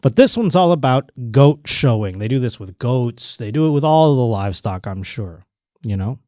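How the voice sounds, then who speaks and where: Animated, foul-mouthed podcast host man. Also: medium pitch, normal speed, no echo, clean studio sound. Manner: profane, joking, rambling. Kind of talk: casual podcast chat.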